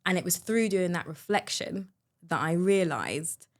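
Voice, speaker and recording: A woman hosting a podcast, a mother telling a personal story in a chatty, animated way. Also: lowish voice, a little slow. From United Kingdom. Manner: chatty, animated storyteller, many fillers and restarts. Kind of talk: conversational storytelling.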